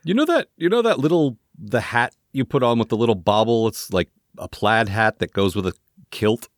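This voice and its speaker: A man co-hosting a podcast, talking casually with rambling, lively asides. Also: medium pitch, normal speed, no room sound, clean studio sound. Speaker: podcast co-host. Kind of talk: casual chat.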